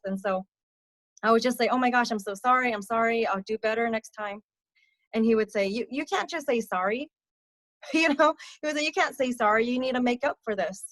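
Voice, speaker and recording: A young adult woman giving a candid personal testimony as a podcast guest, speaking softly with many fillers and letting her voice sink on the hardest parts. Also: no echo. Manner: soft-spoken, frequent fillers, drops low on hard parts. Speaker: podcast guest, abuse survivor mentor.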